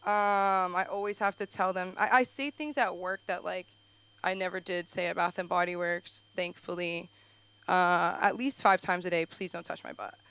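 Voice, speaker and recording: A young woman hosting a comedy open mic, doing rambling, self-deprecating stand-up full of quick asides on a club stage. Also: fairly low pitch, fairly even intonation, a bit bright, clean tone, poor audio. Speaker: stand-up comic and show host.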